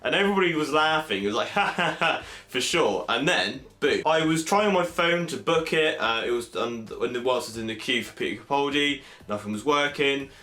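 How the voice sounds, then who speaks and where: A young man from England chatting excitedly in a casual vlog, full of fillers and animated asides. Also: mid-range voice, a little fast, hardly any pauses. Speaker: vlogger. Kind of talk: casual convention recap vlog. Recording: echoey room.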